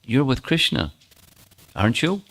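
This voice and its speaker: A man's voice: medium pitch, very animated, a little slow, creaky, a bit bright, pitched above the performer's own voice, full character voice. Man doing a jealous, frantic young husband. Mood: accusing. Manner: exclaiming, pleading.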